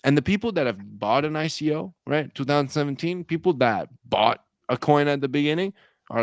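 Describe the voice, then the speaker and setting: A man co-hosting a casual crypto talk show, ranting in a profane, animated way. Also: a little high, fairly quick, no echo. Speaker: co-host.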